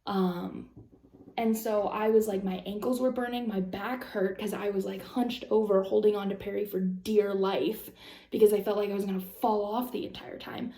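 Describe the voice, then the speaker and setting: A young woman rambles through a personal story for her vlog, full of fillers and restarts. Her voice has a gravelly fry and a mellow, darker tone. The room around her sounds echoey. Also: medium pitch, fairly even intonation, moderate pace. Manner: rambling, lots of "like" and "um", anxious retelling. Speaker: vlogger.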